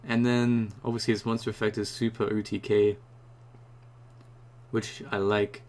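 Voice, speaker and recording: A young man ranting casually and excitedly about a new card, rambling and swearing often, just after waking up. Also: on the low side, moderate pace. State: just woke up. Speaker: YouTuber reviewing a card.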